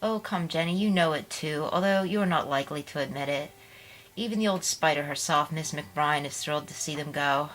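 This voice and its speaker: A woman voicing a spirited young woman in love, in a tender, lively way. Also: low voice, normal speed, poor audio. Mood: frank. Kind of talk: audiobook character reading.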